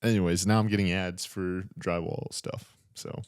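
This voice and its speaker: A man's voice: deep voice, fairly even intonation, moderate pace, smooth, dry recording. A young man co-hosting a podcast in casual chat, laid-back and joking, often laughing. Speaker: podcast co-host.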